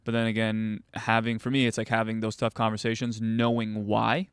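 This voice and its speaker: Young guy coach rambling on, smooth voice, dry close mic. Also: lowish voice, completely flat delivery, moderate pace, no echo. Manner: rambling, many fillers and restarts. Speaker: goalkeeper coach and podcast host. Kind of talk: casual conversational storytelling.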